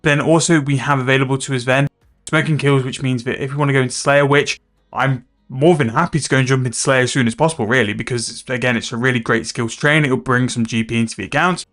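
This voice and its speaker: A man's voice: mid-range voice, steady tone, fast, a bit bright, faint music behind. A man chatting casually and rambling about his game progress as a gaming video host. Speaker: gaming YouTuber.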